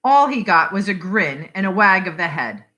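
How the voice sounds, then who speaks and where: A woman reading a short story aloud for adult listeners, unhurried and expressive. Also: fairly low pitch. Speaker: reader.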